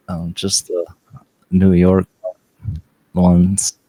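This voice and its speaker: A man co-hosting a casual comedy podcast, giving short deadpan answers and laughing easily. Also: deep voice, very slow, rough recording. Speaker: podcast co-host.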